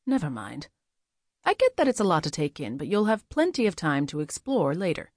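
Woman reading a gentle, firm young mage. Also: fairly low pitch, wildly swooping pitch, a little fast, no echo, clean studio sound. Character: calm, teasing young male mage. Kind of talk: audiobook character voice.

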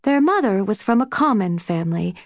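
A woman voicing a gentle, soft-spoken older sister who murmurs quietly in a storybook reading. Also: medium pitch, expressive, fairly quick, no echo, clean studio sound. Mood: soft storytelling.

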